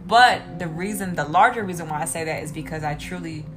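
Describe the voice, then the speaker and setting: A young woman talks casually on a podcast, her voice a little low for a woman. She is animated and laughs often, jumping into high excited bursts. Music plays clearly behind her. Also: brisk. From Asian descent, Korean heritage. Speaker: podcast co-host. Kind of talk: casual chat.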